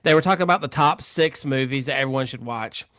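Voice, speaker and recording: Man, podcast host, smooth clear voice, dry close sound, rambling casual chat. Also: medium pitch, fast talker, a bit bright, no echo. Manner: chatty, rambling with fillers.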